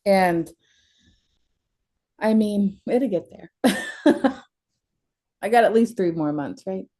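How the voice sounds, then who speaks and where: A woman's voice: mid-range voice, animated, slow pace, warm tone. A young adult woman talking candidly as a counseling client, emotional and blunt, often breaking into laughter.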